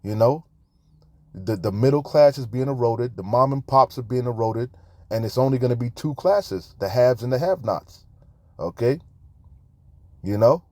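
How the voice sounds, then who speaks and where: A man's voice: mid-range voice, normal speed, pauses often, warm tone, no room sound. A man preaching in a fiery, profane rant, reading scripture aloud between angry comments on debt. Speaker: street preacher commenting on news.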